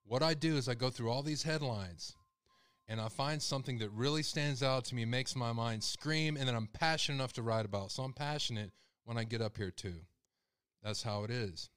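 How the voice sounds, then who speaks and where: A man's voice: mid-range voice, brisk, a bit bright, clear, resonant tone, no echo. A man hosting a live call-in show, speaking with raw emotion and his voice rising when he is upset. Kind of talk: live-stream commentary.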